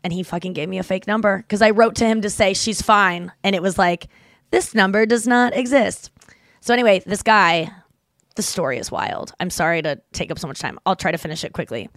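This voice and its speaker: A woman co-hosting a podcast, spinning an animated, rambling story with plenty of casual swearing. Her pitch sits at an ordinary middle height for a woman. The sound is close and dry, with no room around it. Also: a little fast, dry recording. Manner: animated, rambling anecdote-telling with frequent swearing. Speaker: podcast co-host.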